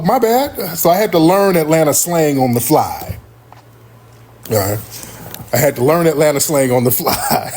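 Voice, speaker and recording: A man hosting a live stream, telling a story casually and acting out other people's voices with big pitch jumps. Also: darkish tone. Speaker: livestream host.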